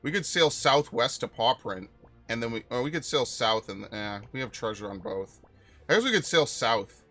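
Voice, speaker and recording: A young man live-streaming a game, talking in a loose, rambling way and swearing freely as he tells stories to his chat. His pitch sits in the middle of the male range, and he jumps into sharp, loud outbursts. Faint music plays behind him. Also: moderate pace. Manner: rambling, profane, animated storytelling with sudden loud outbursts. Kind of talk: casual live-stream chat while playing.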